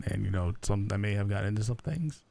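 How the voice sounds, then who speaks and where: A man with a gravelly, somewhat low voice talks in character for a roleplay stream. His speech is halting and rambling, full of fillers and restarts as he chats casually. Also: dark tone.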